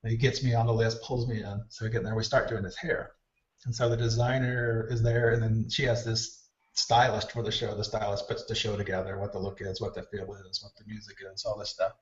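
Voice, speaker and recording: Fairly quick and mid-pitched, a hair stylist guest spins animated stories in a laid-back interview, acting out what others said. He's captured through a distant mic with roomy echo and dull, lo-fi quality.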